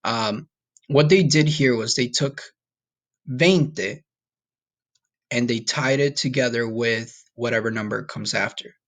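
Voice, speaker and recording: A man teaching a recorded online Spanish lesson, patient and encouraging, saying numbers slowly for students to repeat. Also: medium pitch, steady tone, a bit bright. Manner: patient, repeats okay and all right often.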